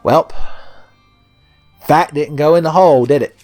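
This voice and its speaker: A man's voice: on the high side, unhurried, darkish tone, soft background music. A man hosting a video game let's play, ranting at a puzzle in a sarcastic, swearing, mock-exasperated way. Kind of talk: casual gameplay commentary.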